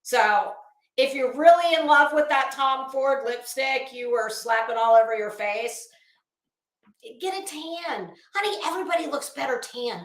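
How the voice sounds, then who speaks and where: A middle-aged woman vents in a casual, profane commentary, her tone sharp with sarcasm. Her voice is bright and sits a little high. The room adds a noticeable echo to every line. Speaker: YouTube commentator. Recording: roomy echo.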